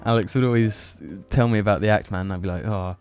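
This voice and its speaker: Wry low-voiced male podcaster. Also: fast talker, a little mellow, faint music behind. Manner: wry storyteller, laughs at himself. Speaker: podcast co-host. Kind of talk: casual chat.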